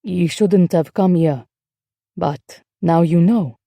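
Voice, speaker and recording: A weary, secretive French husband, as a woman narrator voices him speaks in a low, guarded and tense way. The tone is mellow and the sound is dry and close. This is audiobook dialogue. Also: takes it slowly, vocal fry, dry recording, exaggerated voice.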